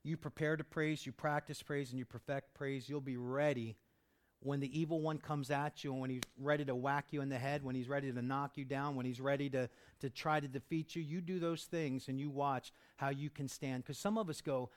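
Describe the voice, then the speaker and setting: A man preaching a sermon as pastor, emphatic and repetitive, swinging between loud passages and hushed ones, with casual slang asides. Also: medium pitch, fairly even intonation, fairly quick.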